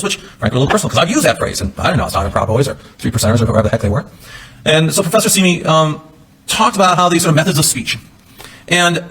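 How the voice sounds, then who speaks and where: A male defense attorney delivers a closing argument in a courtroom at a brisk, hurried clip. His voice has a husky edge, and he talks in a loose, conversational way, full of asides and restarts. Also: on the high side, a bit bright.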